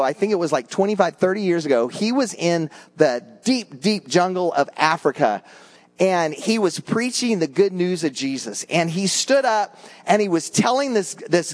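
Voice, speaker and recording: A middle-aged male pastor preaching in an animated, conversational way, breaking off into quick asides. His voice sits a little higher than most men's. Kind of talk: sermon.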